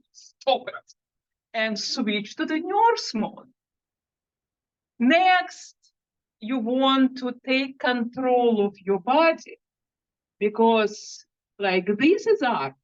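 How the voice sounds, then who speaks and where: A woman's voice: a little high, dull audio. A woman speaker giving a guided self-hypnosis talk, leading the audience through breathing exercises. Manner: animated, leads breathing exercises.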